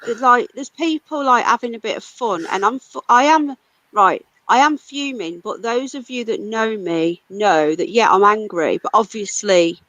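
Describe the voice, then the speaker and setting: A woman's voice: mid-range voice, fairly bright tone, dry recording, low-quality recording. A British woman hosting a casual livestream, ranting angrily and swearing a lot. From United Kingdom. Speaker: livestream host.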